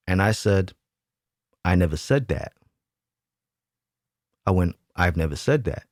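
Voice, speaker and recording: A man's voice: low-pitched, animated, unhurried, pauses often, darkish tone, dry recording, studio quality. A man hosting his own channel, telling a story in a casual, slangy way and acting out quoted arguments in changing voices. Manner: slangy, repeats himself for emphasis. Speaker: channel host. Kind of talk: casual storytime monologue to camera.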